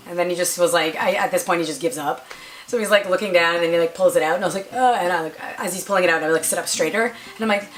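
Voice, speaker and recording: A young woman vlogger telling a story to the camera in a casual, animated way, full of fillers and acted-out quotes. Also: lowish voice, quick pace, low-quality recording.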